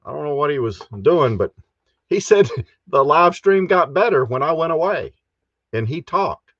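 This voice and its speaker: A man's voice: fairly high pitch, expressive, moderate pace, fairly bright tone, dry recording, lo-fi sound. A man hosting a casual live stream from his camper, chatting and chuckling as he reads out viewer comments. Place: inside a camper.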